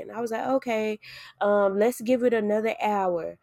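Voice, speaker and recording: A woman hosting a podcast, telling a personal story in casual chat, animated, acting out what people said and swearing freely. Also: a little high, normal speed, no echo, studio quality.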